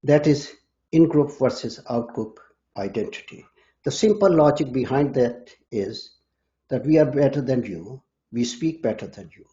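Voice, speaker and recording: A man discussing linguistics on a podcast in a measured, lecture-like way. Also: mid-range voice, lively intonation, dark tone, highs cut off. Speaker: linguistics scholar.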